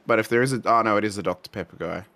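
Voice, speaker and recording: A man's voice: on the low side, very fast, creaky, fairly bright tone. A man calling a sim race and bantering with his co-host, enthusiastic and repeating words as he gets going. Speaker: lead race commentator. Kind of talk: sim racing play-by-play and banter.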